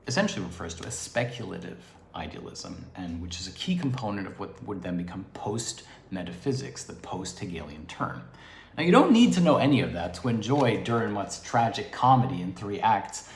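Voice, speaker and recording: A man's voice: fairly low pitch, echoey room. A man giving an improvised livestream lecture on philosophy, explaining expressively with asides, from a makeshift home studio. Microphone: device camera propped on DVDs.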